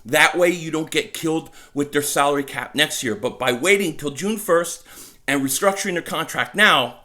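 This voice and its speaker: A man talking casually about his football team from home, excitable and stumbling over his words as he repeats himself. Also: a little high, normal speed. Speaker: sports vlogger. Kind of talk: casual fan commentary. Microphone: desk mic.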